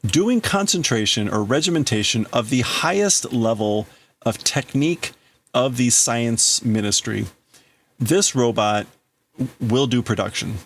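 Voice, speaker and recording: A man hosting a livestream, casually translating manga aloud and thinking out loud in broken-up phrases. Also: medium pitch, gravelly, husky. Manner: thinking aloud, breaking up phrases, laughing at himself. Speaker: livestream host.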